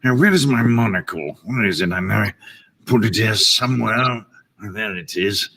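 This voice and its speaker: A man voicing a snooty, fancy frog gentleman with a put-on French accent, haughty and drawling. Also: lowish voice, expressive, moderate pace, slightly rough, recorded from a distance, full character voice.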